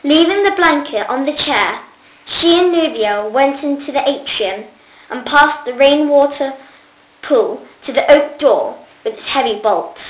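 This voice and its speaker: A woman reading a children's book aloud, lively and lifting her voice for the characters' lines. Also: high-pitched, measured pace, reverberant, slight background noise, poor audio. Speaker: reader.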